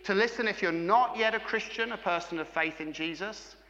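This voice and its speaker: A man's voice: sits high, a little fast, bright, forceful tone, in a large hall, lo-fi sound. A middle-aged man preaching a sermon, engaging his congregation with frequent questions. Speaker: pastor.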